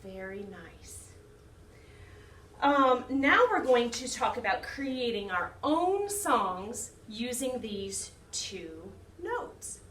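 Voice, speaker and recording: A woman who directs a children's choir, teaching young children a lesson slowly in a sing-song way. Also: on the high side, very animated, a bit bright, slight background noise. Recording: echoey room, mic some distance off.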